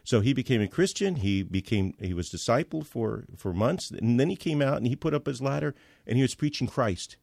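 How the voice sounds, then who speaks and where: A man as a podcast guest, telling a story in casual conversation, halting with many fillers and restarts. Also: medium pitch, expressive, vocal fry, darkish tone, no echo, clean studio sound.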